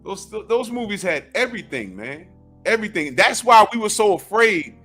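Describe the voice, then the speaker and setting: Male host, bright high voice, very lively pitch, excitable slang-heavy chat. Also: normal speed, soft background music. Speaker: podcast host. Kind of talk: casual film chat.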